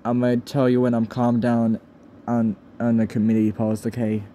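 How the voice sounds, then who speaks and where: A man near tears in an upset vlog rant, pleading with viewers, swearing and halting over his words. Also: mid-range voice, monotone, dark tone, a little hiss or hum. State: close to tears. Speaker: channel owner.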